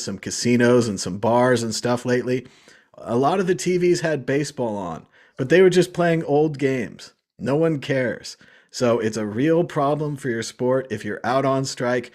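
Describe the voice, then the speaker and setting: A man's voice: medium pitch, a little mellow. A man hosting a casual panel chat, wry and emphatic, repeating his points. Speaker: show host.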